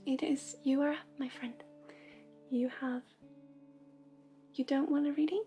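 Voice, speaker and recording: Soft, half-whispering high-voiced woman. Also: steady tone, unhurried, faint music behind. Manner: soft-spoken, often half-whispered, gentle. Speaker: intuitive reader and healer. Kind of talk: livestream readings and chat.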